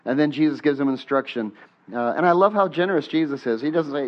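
A male pastor preaches in a conversational way and has his congregation repeat lines after him. His voice sits a little high, jumps up on questions and falls quiet when he prays. The recording sounds muffled and dull. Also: fast. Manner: animated, rising on questions, drops soft on prayers. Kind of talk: sermon.

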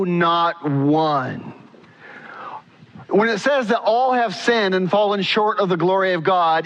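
A man's voice: high-pitched, a bit bright, dull audio. A man preaching a sermon as pastor, emphatic, now and then acting out quotes.

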